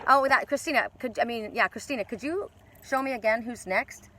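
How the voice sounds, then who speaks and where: A woman's voice: fairly high pitch, fairly quick, pushed and bright. Chatty, blunt woman reading cards outdoors. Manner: chatty, blunt, swears casually. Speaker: oracle card reader. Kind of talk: live-streamed outdoor card reading. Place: outdoors by a lake.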